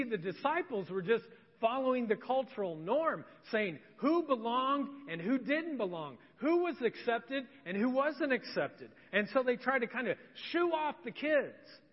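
A male pastor preaching a sermon in a church, telling stories animatedly and acting out scenes. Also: very high-pitched. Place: church sanctuary. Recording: dull recording with long church reverb.

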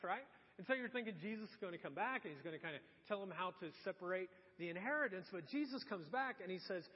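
High-voiced male pastor, echoing church hall. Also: expressive, fast, hardly any pauses, slightly rough. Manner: conversational, acts out imagined voices, rhetorical questions. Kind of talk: sermon. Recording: muffled church hall with long reverb.

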